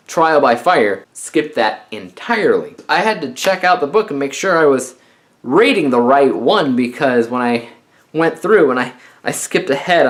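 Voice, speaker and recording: Chatty man ranting through a book review. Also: mid-range voice. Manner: animated, rambling, exasperated asides. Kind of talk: casual spoken book review.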